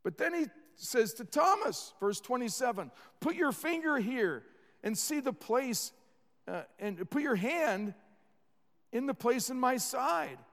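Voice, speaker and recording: A man's voice: very high voice, expressive, a little slow, fairly bright tone, big-room sound. A man preaching a sermon as pastor, earnest, repeating words and leading the congregation in responses.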